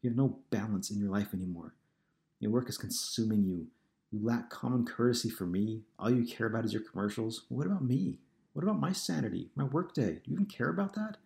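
A man's voice: lowish voice, quick pace, darkish tone, roomy sound, lightly acted. A man reading an audiobook, voicing an upset wife who pleads and accuses with a rising voice. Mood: tearful. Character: upset tearful wife, woman, exasperated. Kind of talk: audiobook character voice.

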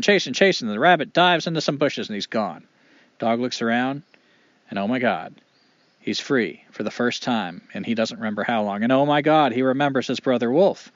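Male storyteller, animated and expressive, dry slightly muffled sound. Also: mid-range voice, no room sound. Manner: animated, expressive, with dramatic pauses. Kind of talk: oral storytelling.

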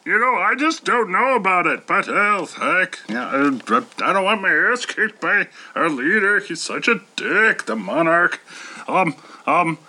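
A man's voice: high voice, lively intonation, unhurried, pushed and bright, voice pushed down, heavily acted. A man doing a yelping nervous henchman.

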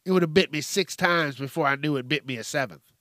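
A man hosting a solo podcast in a casual, profane, animated rant, acting out quotes and jumping between topics. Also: fairly high pitch, quick pace, no room sound, studio quality. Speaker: podcast host.

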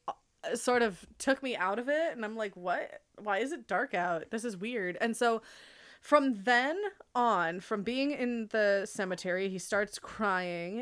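A woman's voice: mid-range voice, a bit bright, smooth. A young woman co-hosting a podcast in casual chat, giggly and rambling, often restarting her sentences. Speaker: podcast co-host.

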